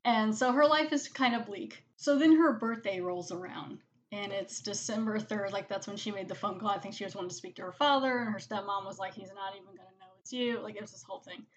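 A woman's voice: medium pitch, muffled recording. Chatty woman retelling a movie plot. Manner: chatty, full of "like", acts out characters' lines in quick quotes. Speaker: movie reviewer. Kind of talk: casual spoken movie review.

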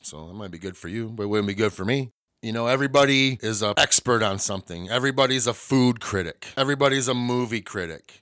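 A man's voice: medium pitch, sharp tone, no room sound. A man hosting his own podcast, ranting bluntly and swearing often in a casual monologue from a small home studio. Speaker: podcast host.

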